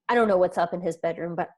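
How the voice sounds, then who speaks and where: A woman in her thirties speaks as a podcast guest, recounting her own story in an earnest way. Her voice sits a little low, and she slips into quoted dialogue as she tells it. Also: moderate pace, darkish tone. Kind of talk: personal storytelling in an interview.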